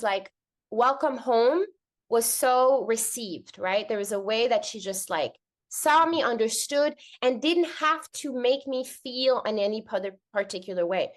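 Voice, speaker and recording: Animated woman. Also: fairly high pitch, normal speed. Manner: animated, acts out quoted voices, swears. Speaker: guest. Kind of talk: casual conversational storytelling.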